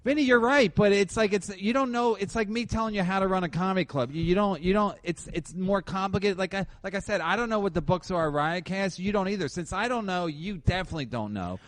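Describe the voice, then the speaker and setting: A man with a fairly high voice who talks very fast, blunt and teasing in a casual comedy podcast chat. His voice sounds dry and close. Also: no echo. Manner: blunt, ribbing.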